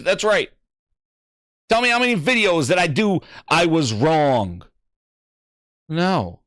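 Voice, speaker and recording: A man's voice: sits high, lively intonation, measured pace, pauses often, a bit bright, no room sound, studio quality. A man hosting a gaming livestream, reading viewer comments in casual, profane, hype-driven banter. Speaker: gaming channel host.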